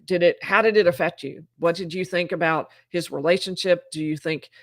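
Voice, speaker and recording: A woman's voice: lowish voice, steady tone, a little fast, no room sound. A woman lawyer hosts live trial commentary from a dry, close-miked setup. She talks in a chatty, conversational way with frequent fillers. She reads court transcripts aloud and adds her own reactions. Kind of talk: live-stream legal commentary.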